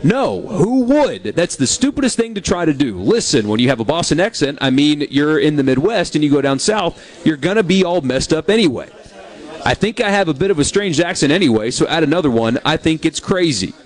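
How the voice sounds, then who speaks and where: A man on sports radio, wry and opinionated as he tells a story. His pitch swings a lot and sits slightly high. The talk stays casual. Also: lively intonation, fairly quick.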